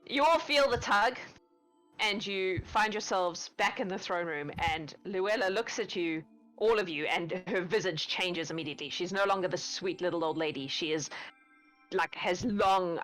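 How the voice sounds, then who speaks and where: Woman, game master, lively tabletop narration, faint background music. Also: fairly low pitch, poor audio.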